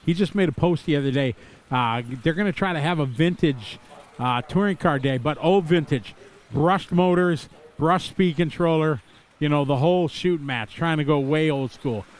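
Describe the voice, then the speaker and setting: A man's voice: on the high side, moderate pace. Chatty man calling an RC race. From Wisconsin. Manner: chatty, rambling asides between race calls. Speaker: race commentator. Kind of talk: live race commentary.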